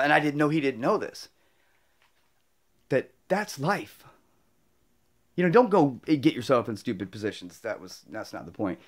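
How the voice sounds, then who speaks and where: Earnest rambling man, slightly high voice. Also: a bit bright. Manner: rambling, earnest, with many restarts and fillers; emotional, choking up. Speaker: motorcycle travel vlogger. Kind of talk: heartfelt personal storytelling.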